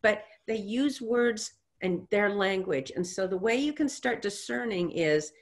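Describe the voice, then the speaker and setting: A woman guest in a casual interview, telling stories in an animated way and acting out what people said, with a reassuring, teacherly manner. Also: medium pitch, measured pace. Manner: animated storyteller who acts out quotes. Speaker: guest, intuitive reader.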